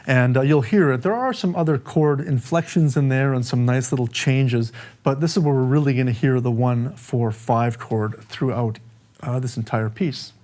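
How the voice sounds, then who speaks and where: A man giving a casual music lesson, explaining song form in a relaxed, conversational way and counting bars aloud. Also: mid-range voice, moderate pace. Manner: counts bars aloud over a playing track. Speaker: music teacher. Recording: music playing behind the voice.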